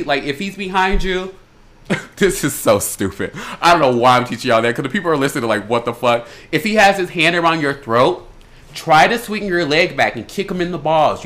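A man from Chicago co-hosts a podcast in casual chat, his voice bright and forward. He talks in a loud, crude, animated way, with bursts of laughter. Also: a little high. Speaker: podcast co-host.

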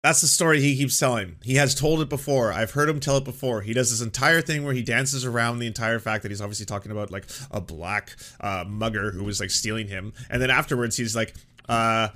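Male streamer, crisp bright tone, loose stammering chatter. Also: medium pitch, brisk. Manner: rambling, stammers and restarts often. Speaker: streamer reacting to a clip. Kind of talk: casual live-stream commentary.

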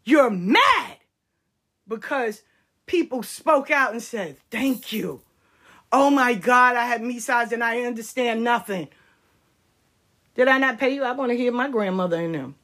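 A woman speaking as a spiritual practitioner on a live stream, heated, profane and confrontational, swinging between shouts and low, pointed asides.

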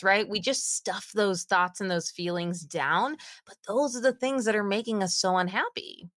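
Animated woman telling a story. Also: moderate pace, few pauses, dry recording, studio quality. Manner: animated, acts out quotes with big pitch jumps. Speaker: podcast guest. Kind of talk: casual interview storytelling.

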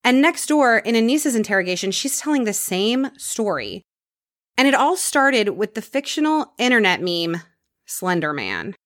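A woman's voice: on the high side, very animated, normal speed, fairly bright tone, no echo, studio quality. A woman hosting a podcast, telling a true crime story in a casual conversational way and dropping her voice for grim details.

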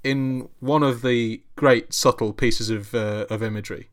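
A man chats casually as a podcast guest, with a voice sitting in the middle range for a man. He tells his story in a halting, dry-humored way, stumbling and restarting as he goes. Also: mid-range voice, fairly even intonation. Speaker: guest author.

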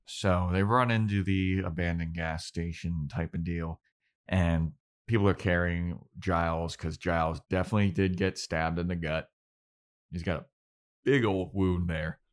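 A man's voice: deep voice, steady tone, unhurried. A man co-hosting a podcast in casual chat, laid-back and swearing casually. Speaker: podcast co-host.

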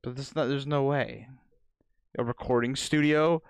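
A man's voice: medium pitch, steady tone, unhurried, clean tone, dry recording. A young man co-hosting a podcast in loose, joking casual chat, swearing often. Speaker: podcast co-host.

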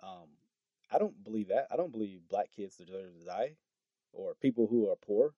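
A man's voice: on the low side, moderate pace, no room sound, muffled recording. Guy doing a commentary vid reading tweets, incredulous, trips over words a lot, dry close sound. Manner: animated, incredulous, stumbles over words with laughs. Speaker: political commentary host.

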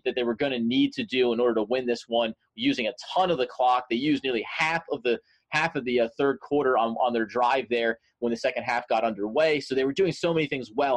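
A man's voice: medium pitch, no room sound. Rambling jokey man, dry sound. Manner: rambling, jokey, many restarts. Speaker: podcast co-host. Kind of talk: casual sports chat.

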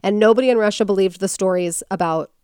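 Woman podcast host, casual storytelling, smooth clear voice, dry close sound. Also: medium pitch, fast, no echo. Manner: animated, acts out quotes in character voices.

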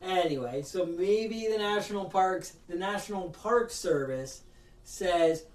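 High-voiced man ranting in an echoey room. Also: expressive, a little slow, far from the mic. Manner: ranting storyteller, acts out other people's lines. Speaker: podcast host. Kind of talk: casual podcast chat.

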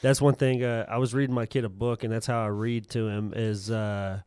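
A man's voice: medium pitch, flat delivery, brisk, darkish tone, clear, resonant tone, no room sound, studio quality. A man co-hosting a podcast, reading out trivia and chiming in with short agreements in casual chat. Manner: reads facts aloud, chimes in with short agreements. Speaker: podcast co-host.

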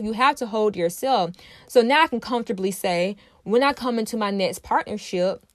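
A woman's voice: mid-range voice, no echo. Earnest woman host, dry close sound. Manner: earnest, emphatic, repeats phrases, addresses listeners directly. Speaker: podcast host. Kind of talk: personal self-help monologue.

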